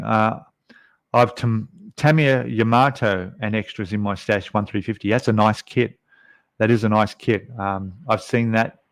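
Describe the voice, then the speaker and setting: Rambling and full of fillers, a middle-aged Australian with a lowish voice chats casually on his live stream while reading out comments from viewers.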